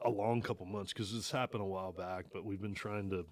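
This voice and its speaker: A man's voice: fairly low pitch, fairly even intonation, a little fast, no echo. Laid-back man telling a story. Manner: laid-back, laughs often, acts out quoted talk. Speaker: archery shop owner, guest. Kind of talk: casual storytelling interview.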